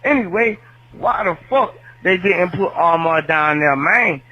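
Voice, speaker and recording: A man's voice: sits high, animated, a little slow, lo-fi sound. A man calling in to a podcast, venting in a fed-up, cursing drawl. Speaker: caller. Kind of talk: fan call-in rant.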